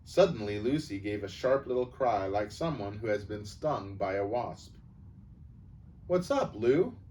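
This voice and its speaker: A man calmly reading a children's novel aloud as storyteller. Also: on the low side, normal speed. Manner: calm, even storybook reading. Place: church setting. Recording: distant mic, faint background noise.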